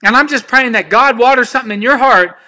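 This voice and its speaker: A man's voice: very high-pitched, quick pace, sharp tone. A man preaching informally, sharing personal testimony in an earnest, pleading way and speaking straight to his listeners. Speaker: ministry speaker.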